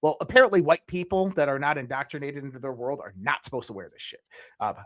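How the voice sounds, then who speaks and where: Here a man with a mid-range voice tells his own story as a podcast guest, moving along quickly. The delivery is energetic and informal, full of restarted sentences and the occasional curse.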